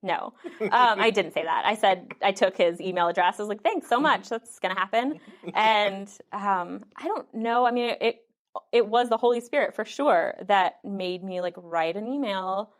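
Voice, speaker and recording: A woman's voice: medium pitch, moderate pace. A woman in her thirties, a guest in a casual interview, who talks chattily, laughs often and acts out what others said. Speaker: podcast guest.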